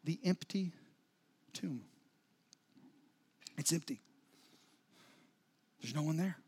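A man with a high voice preaching a sermon. He tells the story dramatically, dropping to near-whispers and then building up again. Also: slow, breathy edge. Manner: dramatic storytelling with sudden soft drops and rising intensity. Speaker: pastor.

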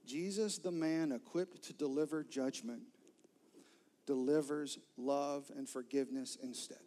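A man preaching a sermon, retelling a scripture story vividly and swinging from loud emphasis to soft, near-whispered lines. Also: mid-range voice, slight background noise. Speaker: pastor.

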